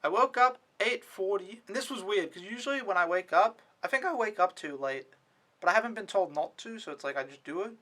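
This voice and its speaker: High, animated and brisk, this young man's voice is bright with a forceful tone. He's an au pair vlogger casually recapping his week, rambling, saying "like" a lot and swearing frequently.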